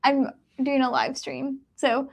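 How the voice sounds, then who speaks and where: A woman's voice: high-pitched, little pitch movement, takes it slowly, vocal fry. A woman hosting a casual reading live stream from home, chatting in a rambling way with lots of fillers and little laughs. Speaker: book streamer host.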